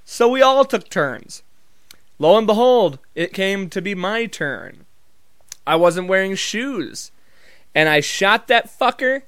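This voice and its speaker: A man's voice: high voice, very animated, takes it slowly, fairly bright tone, no echo, clean studio sound. A man vlogging in a casual comedic monologue, telling rambling, profane, jokey stories.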